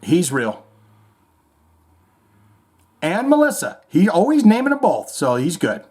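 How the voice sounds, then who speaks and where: A man's voice: high-pitched, huge pitch swings, slow, darkish tone, husky. A man hosting a casual show, reading music news aloud and riffing on it with irreverent, rambling asides and swearing. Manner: irreverent, rambling, swears, mock-reads quotes. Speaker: host.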